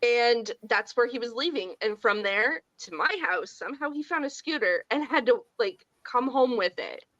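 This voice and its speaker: A woman in her forties with a somewhat high voice, co-hosting a casual podcast. She swears freely and acts out the family quarrels she tells. The sound is a little muffled and dry. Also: expressive, moderate pace, few pauses, fairly bright tone, no echo. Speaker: podcast co-host. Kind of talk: casual chat.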